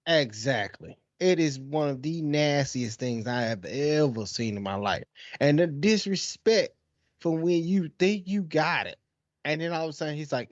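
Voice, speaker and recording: A man co-hosting a casual podcast, his voice sitting a little high for a man. He tells stories with big, exaggerated acted-out quotes. The sound is dry and slightly dull, like a lo-fi mic. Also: lively intonation, moderate pace, no room sound. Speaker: podcast co-host. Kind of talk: casual chat.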